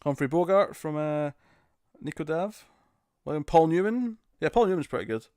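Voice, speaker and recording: A man's voice: fairly high pitch, animated, normal speed, mellow, smooth, dry recording, studio quality. A man with a British accent hosting a casual live stream, answering chat questions in a loose, jokey way and often laughing. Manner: laughing, jokey, attempts bad celebrity impressions. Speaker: streamer host.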